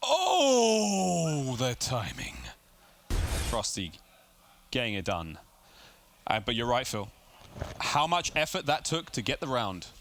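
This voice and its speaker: A man calling play-by-play for a competitive video game match, rapid and rising to shouts on big plays, with game noise behind him. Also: mid-range voice, very animated. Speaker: esports caster. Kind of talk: play-by-play commentary.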